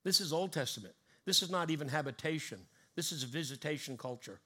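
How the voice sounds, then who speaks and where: A man's voice: a little high, animated, fast, sharp tone, slightly rough. A man preaching a sermon to his congregation, building emphatic rising cadences and teaching word meanings. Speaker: pastor.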